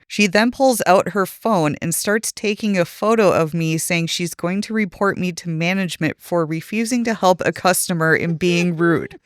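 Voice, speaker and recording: Smooth-voiced man reading a story. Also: sits high, dry recording, studio quality. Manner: steady storytelling read with quoted dialogue. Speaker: podcast co-host.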